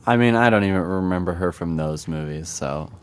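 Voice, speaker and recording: A man co-hosting a casual comedy podcast, dropping wry, deadpan quips. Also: deep voice, brisk, clear, resonant tone. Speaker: podcast co-host.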